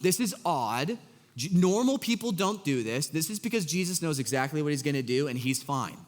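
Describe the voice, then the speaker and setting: Man, pastor, casual joking sermon, high voice, swooping delivery. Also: fairly quick, long reverb tail. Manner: animated, acts out Jesus's lines in an exasperated voice; casual and joking, full of fillers. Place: church hall.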